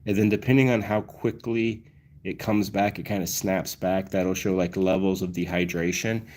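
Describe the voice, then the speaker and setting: A man's voice: low-pitched, level tone, moderate pace, darkish tone. A man hosting a casual livestream, explaining things in a rambling way full of fillers and restarts. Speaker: cat channel host.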